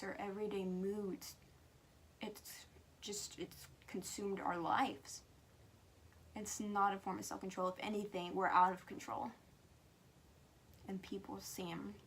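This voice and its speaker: A woman's voice: mid-range voice, a little hiss or hum. Frank, earnest teenage girl vlogging. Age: teen. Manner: frank and emphatic, sometimes dropping to a whisper. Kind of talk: earnest talk to camera.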